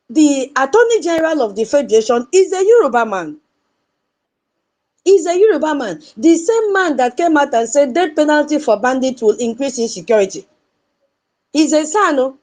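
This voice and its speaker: A woman's voice: high-pitched, a little mellow. A Nigerian woman giving an impassioned political commentary, repeating her points and asking her audience rhetorical questions.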